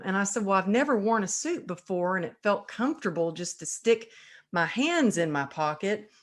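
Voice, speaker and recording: A woman hosting an interview show, telling her own stories in casual, animated chat. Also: medium pitch, fairly quick. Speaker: podcast host.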